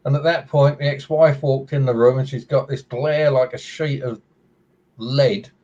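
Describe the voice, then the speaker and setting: Older grandad type, blunt and sweary, lo-fi call line. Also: male voice, medium pitch, fairly even intonation, moderate pace, mellow. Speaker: guest on a live chat. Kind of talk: casual chat. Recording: dull lo-fi call audio.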